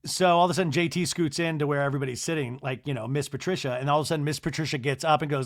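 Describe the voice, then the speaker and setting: A man hosting a solo podcast, recapping reality TV in a gossipy, animated storytelling way with quick asides. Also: on the high side. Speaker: podcast host.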